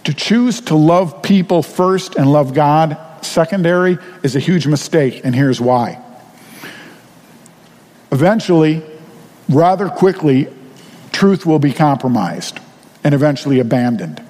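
A man's voice: on the high side, animated, measured pace, long pauses, darkish tone. Earnest preaching man, reverberant hall. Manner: earnest, conversational preaching with rhetorical questions. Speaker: pastor. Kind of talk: sermon.

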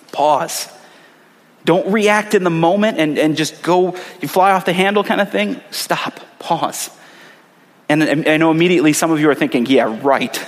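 A man's voice: a little high, long reverb tail. A man preaching a sermon in an earnest, conversational way, repeating short phrases for emphasis. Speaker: pastor.

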